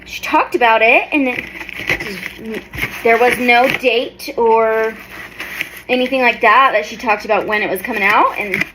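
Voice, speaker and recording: A woman in her thirties doing an excited unboxing vlog, gushing and exclaiming often. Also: fairly high pitch, measured pace, background noise. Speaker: tarot reader and vlogger.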